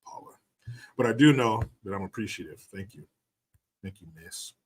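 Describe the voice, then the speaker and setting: A man's voice: on the low side, animated, normal speed, a little hiss or hum. A man hosting a casual livestream, ranting sarcastically and thanking viewers for donations. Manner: sarcastic, mocking rants with profanity. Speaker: livestream host reading donations.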